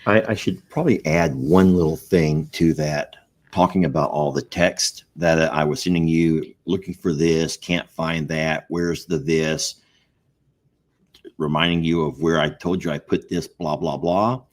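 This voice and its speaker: A man's voice: a bass voice, steady tone, a little slow. A man co-hosting a casual chat, joking and acting out quoted texts in a raised voice. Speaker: co-host.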